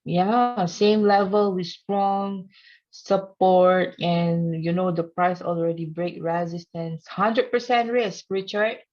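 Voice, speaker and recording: A woman gives a casual online trading lesson in simple, non-native English, teasing her viewers playfully and laughing often. Her voice is lowish and darkish with fairly even intonation, she takes her time, and the audio sounds dull.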